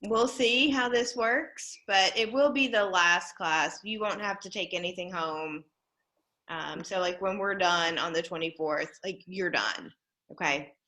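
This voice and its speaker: Her tone is sharp as she teaches junior high kids remotely over video. Still, she stays upbeat and encouraging, playfully nudging the students to participate.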